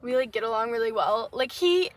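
A woman's voice: a little high, expressive, a little fast. A young woman co-hosting a podcast in casual chat, telling stories and laughing often. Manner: chatty storyteller, laughs often. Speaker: podcast co-host.

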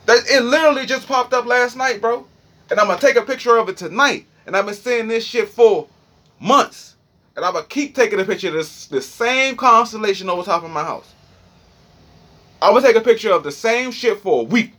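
A man's voice: sits high, animated, brisk, sharp tone. A young man with a Washington, D.C. accent, rambling profanely and animatedly through a freestyle monologue. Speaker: streamer.

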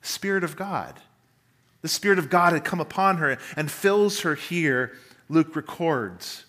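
A man preaching a sermon, emphatic, with dramatic pauses and quotes read out in character. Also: fairly high pitch, pushed and bright. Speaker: pastor.

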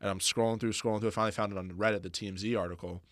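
A man talking as a guest on a podcast, fast and halting, with many restarts. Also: lowish voice, steady tone, fairly bright tone, no echo. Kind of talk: casual podcast chat.

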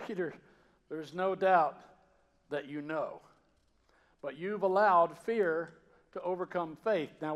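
A man from the Georgia mountains, raised with a Southern accent, preaching a sermon in a conversational, storytelling way that swings from loud to hushed. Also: on the high side. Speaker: pastor.

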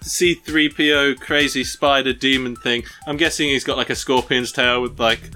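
A man playing a tabletop game, talking casually in halting bursts. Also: medium pitch, steady tone, sharp tone, soft background music. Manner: halting, laughing often. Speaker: player.

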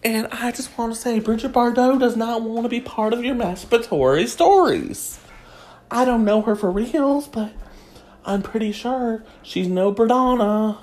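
A woman's voice: on the high side, animated, normal speed, a little mellow. Snarky woman doing crude gossip comedy.

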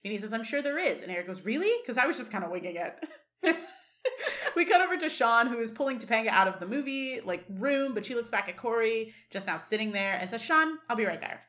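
A woman co-hosting a casual podcast, recapping an episode scene by scene and quoting the lines with lots of laughter. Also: a little high. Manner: animated retelling, quotes scenes, laughs often. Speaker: podcast co-host.

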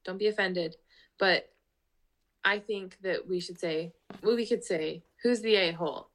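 A woman's voice: fairly low pitch, measured pace, a bit bright. Chatty woman podcast co-host. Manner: chatty, lots of fillers and 'like'. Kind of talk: casual chat.

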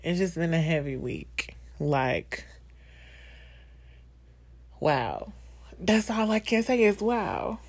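Speaking slowly and pausing often, this podcast host in her thirties has a fairly low pitch with big swings in intonation. Her personal monologue is candid and emotional, full of fillers and laughs.

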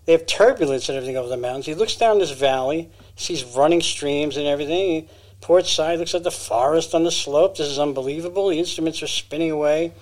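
A man co-hosts a podcast with a slightly high-pitched voice. He retells a strange story in a rambling, casual way, full of fillers and self-corrections. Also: a little fast, a little mellow. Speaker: podcast co-host.

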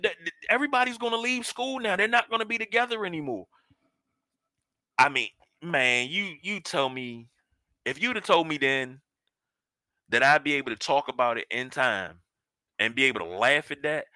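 Bright-voiced man telling a story on air. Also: medium pitch, no room sound. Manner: animated, drawn-out emphasis, colloquial. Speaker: sports radio host. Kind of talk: storytelling monologue.

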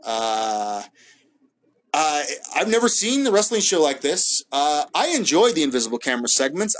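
Solo host, male, rambly casual review, lots of ums and restarts, voice sits a bit high. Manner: rambling, hesitant, many fillers and restarts, laughs often. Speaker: wrestling podcast host.

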